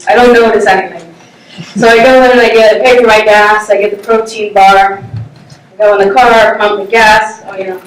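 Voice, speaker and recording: A woman's voice: medium pitch, slight background noise. A woman telling a personal story on stage in a casual, self-mocking way, laughing often. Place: live stage before an audience. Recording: roomy sound from a distant mic.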